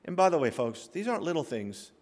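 A man preaching a sermon in a church, reading scripture aloud and commenting line by line, with sudden loud rises and quiet drops. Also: fairly high pitch, big pitch swings, quick pace. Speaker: pastor. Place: church sanctuary. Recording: long hall reverb.

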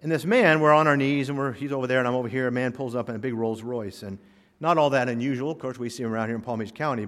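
Preacher man in a reverberant hall. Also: medium pitch. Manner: storytelling with humor and emphatic points. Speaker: pastor. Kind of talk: sermon.

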